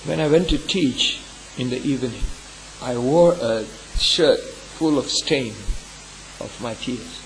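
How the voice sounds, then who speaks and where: A pastor shares a painful experience from his church in an earnest, emotional way. His voice sits at a middle pitch and often climbs sharply when feeling takes over. A faint hiss runs under the recording. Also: slow pace, low-quality recording. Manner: earnest, emotional storytelling with sudden rises in pitch. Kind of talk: personal testimony in a sermon.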